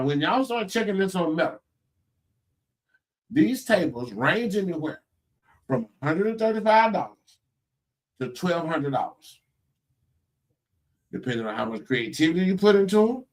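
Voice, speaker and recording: Animated man with a lively, wide-swinging voice. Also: a little high, moderate pace, long pauses. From Florida. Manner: animated, incredulous, rambling with restarts. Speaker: host. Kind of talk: casual live-stream talk. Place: home workspace at a computer.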